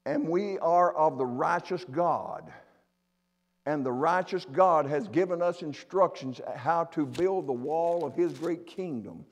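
Preacher, male, high-pitched, fervent and repetitive, church with long reverb. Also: animated, unhurried. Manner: preaching fervently, repeats and restarts phrases. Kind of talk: sermon. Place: church sanctuary.

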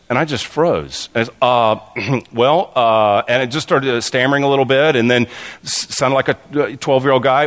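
A man preaching a sermon, telling stories with animated, stammering delivery and acting out the voices in his anecdotes. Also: mid-range voice, normal speed. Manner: stammers and restarts often. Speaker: pastor.

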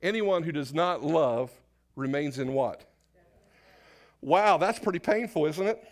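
A man preaching from the pulpit of a church, his voice sitting a little higher than most men's. He talks loosely and casually, stumbling over verse numbers, laughing at himself and tossing questions out to the congregation. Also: animated, measured pace. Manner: off-the-cuff, self-correcting, asks the congregation questions. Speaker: pastor. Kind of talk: sermon. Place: church sanctuary.

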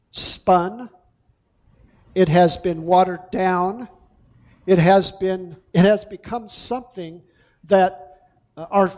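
A male pastor preaching a sermon, deliberate and emphatic, drawing out key words. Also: high voice, darkish tone.

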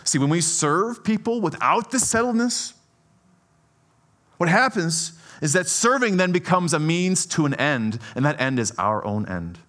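Male preacher, high voice, conversational sermon, animated, keeps asking "right?". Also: a little slow. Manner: conversational, often asks "right?"; animated, swings between soft and emphatic.

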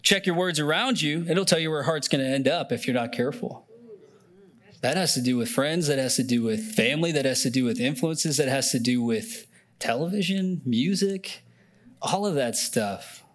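A man's voice: mid-range voice, moderate pace. A young man preaching a sermon in an earnest, conversational way, often emotional and near tears, with many fillers and restarts. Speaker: pastor.

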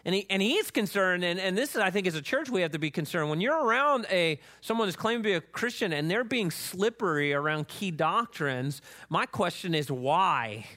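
A man delivers a sermon as pastor with a high, bright, ringing voice. He talks to the congregation in an emphatic, conversational way, tossing in quick asides. His pitch climbs when he reads scripture aloud. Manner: animated, emphatic preaching with frequent "right?" asides.

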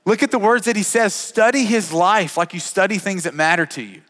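A man's voice: sits high, fairly quick, a bit bright, long reverb tail. A man in his thirties preaching a sermon as a pastor, earnest and often repeating words as he talks.

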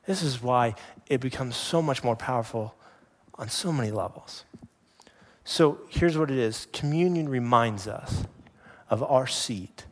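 A man in his thirties, a pastor preaching a sermon with animated storytelling that drops to hushed emphasis. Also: mid-range voice, unhurried.

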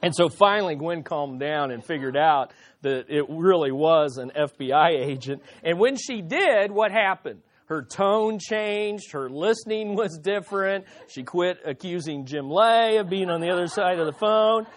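A middle-aged man preaching a sermon, telling a personal story with frequent restarts and repeated words, slowing down to stress key lines. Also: sits high, lively intonation, a little hiss or hum. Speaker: pastor.

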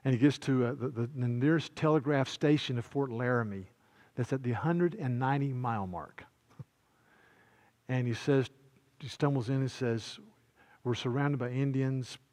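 A man's voice: medium pitch, normal speed. Impassioned male preacher. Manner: impassioned, rising to loud peaks, with repeated words. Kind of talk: sermon storytelling and prayer.

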